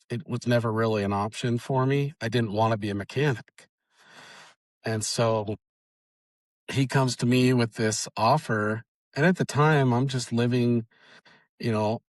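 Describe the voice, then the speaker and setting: A young man being interviewed about his family's auto repair shop, telling the story in a halting way with many restarts. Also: medium pitch, no room sound. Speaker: guest, auto shop owner's son.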